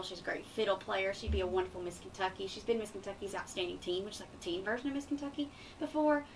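A woman in her twenties, a radio show guest, telling stories in an animated, bubbly way. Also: medium pitch. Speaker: guest, pageant winner. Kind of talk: casual radio interview. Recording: distant mic with faint room noise.

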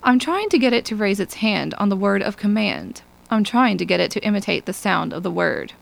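Woman reading as a cold clipped lady scientist, kinda gravelly, patient but stern. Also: medium pitch, very animated, brisk. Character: stern precise woman robot psychologist.

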